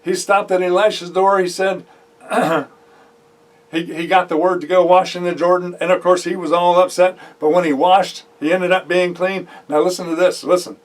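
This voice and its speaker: A man preaching with a high, lifted voice, retelling a scripture story and slipping into the voices of its characters. He hammers points home through repetition. The recording catches him from a distance, away from the mic. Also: moderate pace. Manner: animated storytelling, acting out the voices of biblical figures; drives points home by repeating phrases. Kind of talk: sermon.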